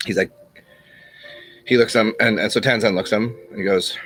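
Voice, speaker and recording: A man talking casually as a channel host, teaching and telling old parables in a rambling, unhurried way, with restarts and the odd chuckle. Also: lowish voice, fairly even intonation, a bit bright, husky. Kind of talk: casual spoken teaching and storytelling.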